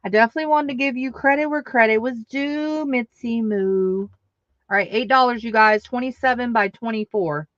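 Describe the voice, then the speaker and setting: A woman's voice: fairly high pitch, normal speed, fairly bright tone, dry recording, highs cut off. A woman hosting a live online craft sale, chatting casually and answering viewer comments aloud. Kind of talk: casual live-selling chat.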